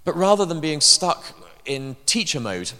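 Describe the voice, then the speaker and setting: A man's voice: on the high side, very animated, measured pace, bright, forceful tone. Guy preaching in a big church, punchy and a bit wry, lots of reverb. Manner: emphatic, with dry asides. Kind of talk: sermon. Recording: long hall reverb.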